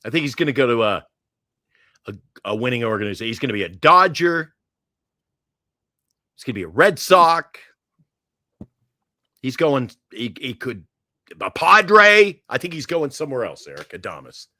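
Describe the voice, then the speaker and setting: A man's voice: mid-range voice, very animated, normal speed, pauses often, sharp tone, no room sound, studio quality. An older man co-hosting a casual sports talk show, wisecracking and teasing his co-host. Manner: wisecracking, teasing, mock-panicked.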